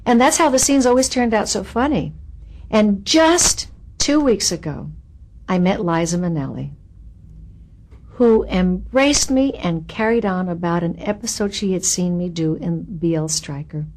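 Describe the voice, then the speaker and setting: A woman being interviewed as an actress, telling anecdotes in an animated, expressive way and acting out the quotes. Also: mid-range voice, a little slow. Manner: animated, expressive storyteller who acts out quotes.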